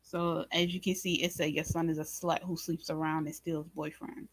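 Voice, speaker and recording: Speaking at a normal pace in a deep voice with no echo, this woman runs a reaction channel and gives an informal recap of a drama episode. She's animated, addresses her audience as "y'all" and "baby," and performs her reactions as quoted asides.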